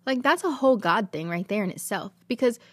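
A woman's voice: mid-range voice, animated, brisk, a bit bright, no echo, clean studio sound. A woman, hosting a podcast and telling a personal faith testimony in an earnest, emotional, rambling way. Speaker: podcast host.

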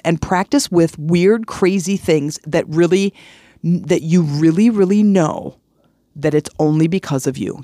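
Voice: mid-range voice, warm tone, no echo. Earnest middle-aged podcast host, dry sound. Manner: earnest, repetitive, chatty, with fillers and restarts. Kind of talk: casual motivational talk with personal stories.

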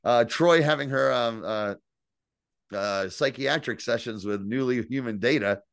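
Profane, animated man recapping an episode. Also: mid-range voice, unhurried, creaky, smooth, no echo, studio quality. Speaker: podcast co-host. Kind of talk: casual recap chat.

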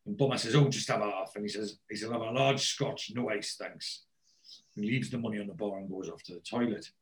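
Talking fast, a man casually walks through a TV episode, jumping to higher and louder voices to quote its characters.

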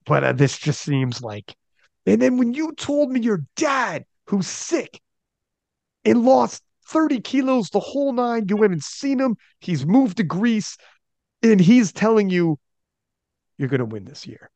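A man hosting a podcast interview, telling a story in an animated, emphatic way. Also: sits high, a little slow, creaky, dry recording. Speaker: podcast host.

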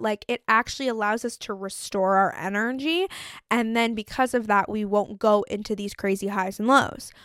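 A woman's voice: fairly high pitch, a bit bright, no echo, studio quality. A young woman hosting her own solo podcast, talking casually and filling her speech with "like" as she acts out her own thoughts. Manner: chatty, lots of "like" fillers, acts out her own inner voice. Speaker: podcast host.

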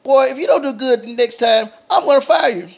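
Man doing a female boss, stern, caring, blunt, high gravelly voice. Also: a little fast. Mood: firm.

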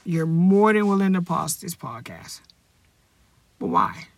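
A young man hosts his own casual solo podcast in a high, very animated voice that's a little slow and creaky, recorded dry. Upbeat and rambling, he corrects himself and fires off rhetorical questions.

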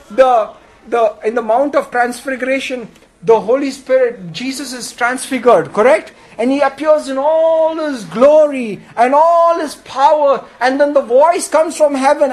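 A male preacher delivering a sermon in an emphatic call-and-response style, often asking the congregation questions. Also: unhurried. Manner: emphatic, with sudden jumps in pitch and volume.

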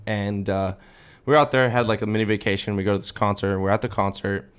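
A man's voice: on the low side, fairly even intonation, fast talker, clear, resonant tone. A young man co-hosting a podcast, telling a rambling story in casual chat with many fillers. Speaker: podcast co-host.

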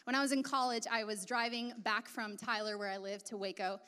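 A woman's voice: a little high, fairly even intonation, brisk, sharp tone, clear, resonant tone. A woman preaching a sermon in a casual, chatty way, full of asides. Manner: casual and chatty, many asides and filler words. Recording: long reverb of a large hall.

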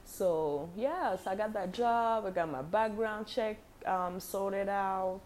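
A woman in her twenties casually telling a personal story, animated and slangy, acting out the dialogue. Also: medium pitch, slow, slight background noise.

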